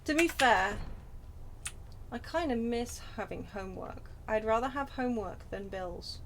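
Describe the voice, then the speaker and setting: A British woman in her thirties, with a voice sitting a little higher than most, chats away as she plays a game on stream. She drifts between tangents with self-deprecating asides. A steady hiss of noise runs under the recording. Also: unhurried. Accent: British English. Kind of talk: casual chat while playing a game. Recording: noisy home stream audio.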